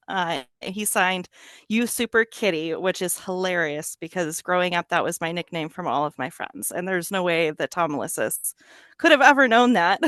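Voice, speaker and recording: A woman's voice: fairly low pitch, a bit bright, clean tone, no room sound, studio quality. A woman, a fan guest, recalling a meeting in a giddy, emotional way, laughing often. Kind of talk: casual interview recollection.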